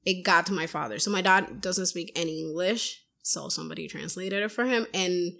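Young female podcaster, casual chat, animated storyteller who voices others' lines. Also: on the low side, fairly quick, creaky. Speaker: podcast host.

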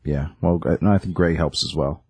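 A man's voice: rumbling low, steady tone, a little fast, a little mellow, slightly rough, no room sound. A man co-hosting a podcast, casually retelling a comic's plot with lots of ums and likes. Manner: rambling plot recap with many ums and likes. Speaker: podcast co-host. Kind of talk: casual comic book chat.

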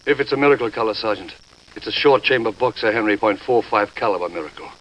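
A brisk, dry-witted British army officer, as played by an actor in an old war film. He speaks quickly in a lowish voice. The sound is dull and hissy and comes from some distance. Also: animated, lightly acted. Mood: wry. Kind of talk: period war film dialogue.

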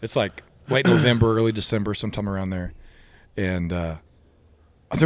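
A young man co-hosting a casual podcast with friends by a fire, telling stories animatedly and breaking into loud excited outbursts. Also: lowish voice, brisk, dry recording. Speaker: podcast co-host. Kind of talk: casual chat among friends.

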